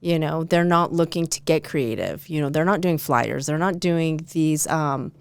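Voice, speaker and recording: A woman's voice: low voice, moderate pace, creaky, smooth, dry recording. A woman guest on a casual podcast, explaining things in a matter-of-fact way and agreeing readily. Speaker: podcast guest, real estate agent.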